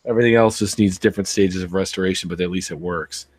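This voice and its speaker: A man's voice: low-pitched, fairly even intonation, quick pace, a little mellow, slight background noise. A man co-hosting a podcast, telling a rambling story in casual chat and quoting people as he goes. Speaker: podcast co-host.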